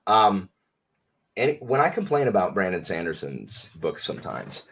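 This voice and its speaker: Husky low-voiced man, animated. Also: moderate pace. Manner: animated and emphatic, voice climbs when arguing. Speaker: teacher, podcast guest. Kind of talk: casual chat.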